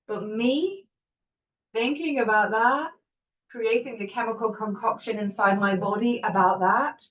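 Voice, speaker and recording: A woman hosting a motivational talk, her voice pitched a bit high and lively. She laughs often and slips into little acted-out inner voices as she talks. The mic sits a little away from her. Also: unhurried, distant mic, poor audio. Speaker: podcast host. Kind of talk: motivational self-help talk.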